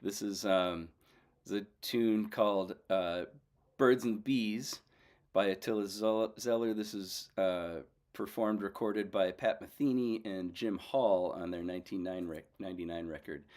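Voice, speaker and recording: Host: man, low-pitched, relaxed and rambling, talks with his mouth full. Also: unhurried. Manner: rambling and loose, chats with viewers between songs; talks while eating. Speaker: show host. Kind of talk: casual livestream chat.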